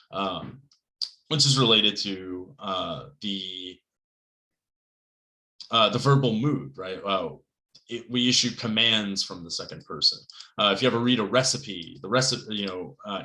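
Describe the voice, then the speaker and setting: A man giving a recorded writing lecture in a conversational, rambling way, often checking in with "right?" and getting animated on key points. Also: reverberant, rough recording. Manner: animated, pitch jumps up on emphasis. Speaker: writing instructor.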